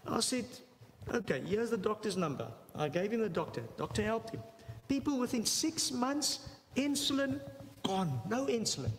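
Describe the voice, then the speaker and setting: A man's voice: very high voice, very animated, normal speed. A man giving a church health talk, telling a story animatedly, repeating phrases for emphasis and acting out the dialogue. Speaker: health seminar speaker. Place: church hall. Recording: long hall reverb, faint noise.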